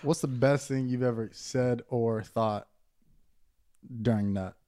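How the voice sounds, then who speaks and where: A man co-hosting a podcast in crude, joking casual chat. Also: slow. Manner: crude, joking, slips into loud high put-on voices. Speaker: podcast co-host.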